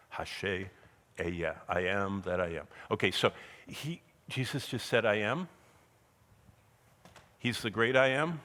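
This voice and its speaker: Man preaching with emphatic rhetorical questions. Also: mid-range voice. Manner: emphatic, rhetorical questions, swings between loud bursts and quiet asides. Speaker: Bible teacher. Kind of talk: sermon-style Bible teaching.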